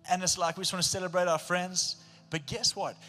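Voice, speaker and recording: A male pastor with a South African accent preaching a sermon, telling stories with animation and swinging between a hush and a shout. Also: high voice, fairly even intonation, a little fast. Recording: long hall reverb with faint music.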